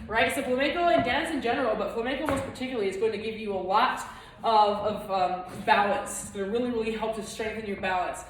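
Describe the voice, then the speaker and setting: A woman's voice: on the high side, quick pace, a little hiss or hum. A woman teaching a flamenco footwork lesson, explaining technique and counting beats aloud as she dances. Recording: echoey room, far from mic, loud music.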